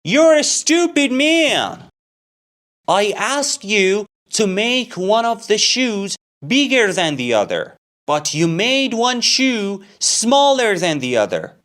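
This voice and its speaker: Guy doing a furious young dude, shrill and shouty, lively swings. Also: slow, exaggerated voice. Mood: enraged. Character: angry young man in a rage.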